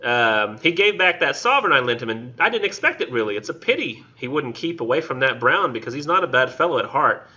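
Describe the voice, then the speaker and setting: A man reading out a pleased, talkative middle-aged gentleman in a lightly raised, casual voice, on a dull lo-fi recording. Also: medium pitch, big pitch swings, a little fast, few pauses. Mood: chatty.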